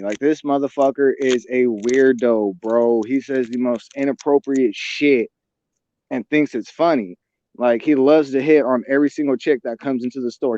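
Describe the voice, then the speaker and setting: A man's voice: mid-range voice, a little mellow, dry recording. A young man telling a heated, profane story in casual chat over a video call. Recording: dull, dry lo-fi call audio.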